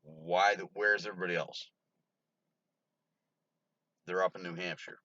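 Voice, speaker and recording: Drunk male vlogger, swearing, laughing, low voice, dry close sound. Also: fairly even intonation, a little slow, long pauses, sharp tone, dry recording. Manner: rambling, profane, laughs often. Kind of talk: rambling storytelling to camera. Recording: dull lo-fi recording.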